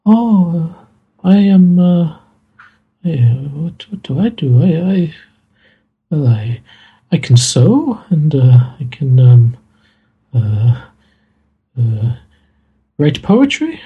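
A man voicing a grieving, timid young Italian woman in a tabletop game, sighing and halting as he talks. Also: a little high, sing-song, husky, phone-quality sound, full character voice. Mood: flustered.

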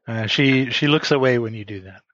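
A man's voice: medium pitch, fairly quick, fairly bright tone, no echo, lo-fi sound. A man narrating as game master of a tabletop game, hesitant and full of fillers.

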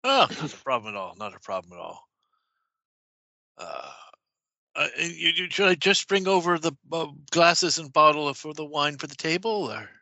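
Guy doing a fussy little innkeeper, stammery and eager to please, very bright, dry and a bit dull. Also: on the high side, lively intonation, moderate pace, gravelly, no echo, heavily acted. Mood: obliging. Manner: stammering, obsequious.

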